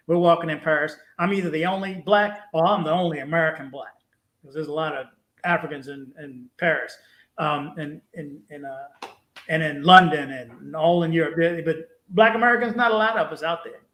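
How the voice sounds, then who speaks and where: Animated male livestream host, roomy sound. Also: sits high. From Washington DC area. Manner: animated storytelling, acting out his own past exchanges. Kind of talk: casual live-stream chat.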